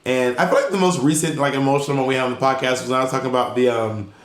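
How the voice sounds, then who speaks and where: A man's voice: medium pitch, steady tone, racing. A man from Corinth, Mississippi, co-hosting a podcast in playful, teasing chat, recorded in a roomy space. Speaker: podcast co-host. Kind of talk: casual chat.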